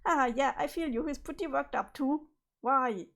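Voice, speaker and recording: Casting: a woman reading as a mellow young troll clown who swears casually, voice a bit high. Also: moderate pace, vocal fry. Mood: laid-back. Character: laid-back young male troll clown, drawling.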